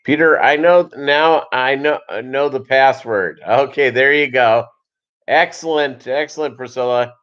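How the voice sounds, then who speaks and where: A man's voice: mid-range voice, measured pace, a bit bright, dull audio. A man hosting a casual livestream chat, rambling and jokey, with lots of fillers. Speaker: show host.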